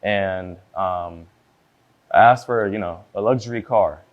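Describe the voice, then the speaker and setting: Young man, plaintiff, low voice, hesitant, rambling, many fillers, muffled sound. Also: a little slow. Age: 20s. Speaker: plaintiff in court.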